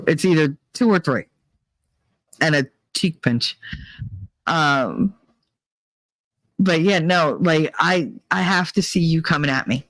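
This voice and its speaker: A woman's voice: slow, long pauses, no room sound. Blunt, profane woman telling stories. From Italian-American family. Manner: blunt, profane, animated, acts out other people's voices in high squeals. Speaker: podcast host. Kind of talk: casual storytelling monologue.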